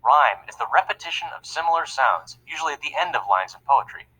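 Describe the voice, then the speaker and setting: A man's voice: on the high side, expressive, quick pace, pushed and bright, slightly rough, exaggerated voice, poor audio. A man voicing a friendly young male narrator of an educational cartoon, upbeat and chatty as he explains things plainly.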